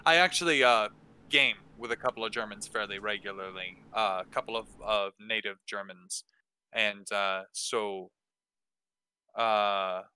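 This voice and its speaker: In a casual Q&A at a tabletop game workshop he's hosting, a male dungeon master answers questions with frequent hesitations and restarts. He speaks unhurriedly in a fairly low, sharp voice. The recording is clean, with no echo.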